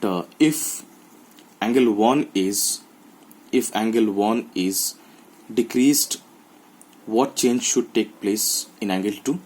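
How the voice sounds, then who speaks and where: A man explaining geometry to schoolchildren, recording on a phone held in one hand, often repeating himself and pausing with fillers. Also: on the low side, darkish tone, slightly rough, poor audio. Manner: repeats phrases, halting with fillers. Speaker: math teacher. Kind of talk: classroom explanation to children.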